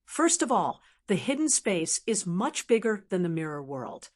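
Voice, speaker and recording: Woman reading a measured martial elder man. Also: mid-range voice, big pitch swings.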